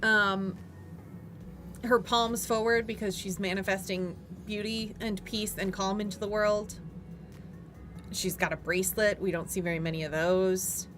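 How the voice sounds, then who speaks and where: A woman's voice: medium pitch, steady tone, unhurried, a bit bright, faint music behind. Chatty gushing woman co-host. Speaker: co-host reviewing miniatures. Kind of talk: casual chat.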